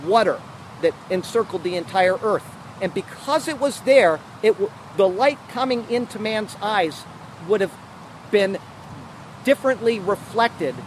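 A man with a high-pitched voice delivers a sermon with earnest emphasis, sometimes restarting his phrases. He is recorded outdoors, with faint traffic noise behind him. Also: rough recording. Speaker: pastor.

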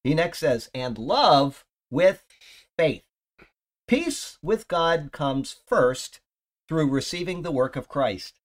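A man's voice: on the high side, lively intonation, slow pace. A man giving a loose, conversational Bible teaching, rambling with fillers and restarts. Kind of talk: casual Bible teaching talk.

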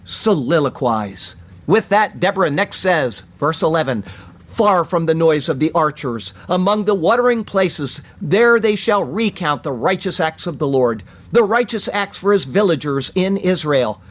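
A man preaching a verse-by-verse sermon, explaining words and reading Hebrew aloud slowly. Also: high-pitched, animated, a bit bright. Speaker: pastor.

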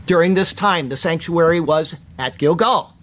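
A man reading a scripted sermon. He quotes scripture at length and slows down to sound out Hebrew words. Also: on the high side, a bit bright. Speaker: pastor.

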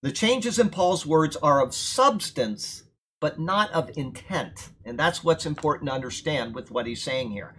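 A man's voice: on the high side, lively intonation, unhurried, a bit bright, slight background noise. A man teaching a verse-by-verse sermon, explaining scripture in a conversational, emphatic way and checking in with his listeners. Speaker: preacher teaching from Bible.

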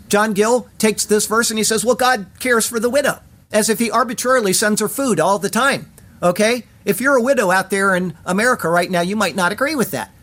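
A Bible teacher giving a verse-by-verse sermon commentary. The delivery is measured and deliberate, with Hebrew words pronounced and an occasional direct question to listeners. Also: medium pitch. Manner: asks listeners directly now and then.

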